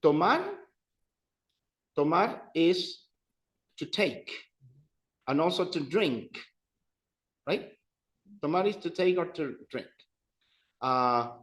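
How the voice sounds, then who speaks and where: A man's voice: on the high side, animated, slow, pauses often, rough recording. A man teaching an adult Spanish class, patiently repeating words for his students to practice.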